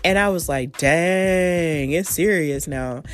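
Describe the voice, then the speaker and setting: Woman, podcast host, casual chat, excitable storytelling, slangy, faint background music. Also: deep voice, slow pace. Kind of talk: casual solo podcast commentary.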